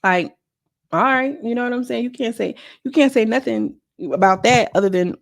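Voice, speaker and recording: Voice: mid-range voice, moderate pace, gravelly, no room sound, studio quality. A vlogger recapping a reality show in a casual, slangy, gossipy way, talking straight to the viewers. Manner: slangy, chatty, addresses viewers as girl. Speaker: show reviewer.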